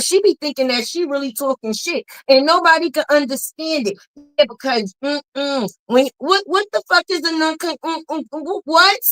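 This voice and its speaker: Female commentary host, high voice, sassy and blunt, heavy on the mm-hmms. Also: fairly bright tone. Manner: sassy, emphatic, with frequent drawn-out mm-hmms; blunt and profane. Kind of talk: casual gossip commentary.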